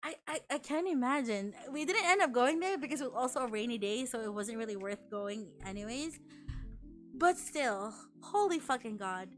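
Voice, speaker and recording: A woman's voice: fairly high pitch, lively intonation, moderate pace, soft background music. A young woman streaming as a VTuber, chatting casually, swearing a lot and laughing often.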